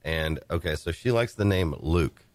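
A man talking in a casual group chat, hesitant, with many pauses and restarts. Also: deep voice. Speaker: guest.

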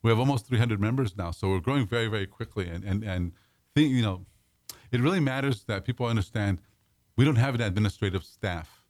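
Fast-talking low-voiced male host. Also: darkish tone, dry recording, clean studio sound. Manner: rambling, self-correcting, repeats words. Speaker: radio show host. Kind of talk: casual talk show chat.

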